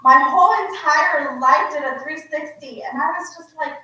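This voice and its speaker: A woman's voice: high voice, moderate pace, sharp tone. A woman in her forties from Laos, speaking unscripted as a guest author at an event and telling a heartfelt personal story in a conversational way. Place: indoor museum exhibit event. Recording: echoey hall from far off.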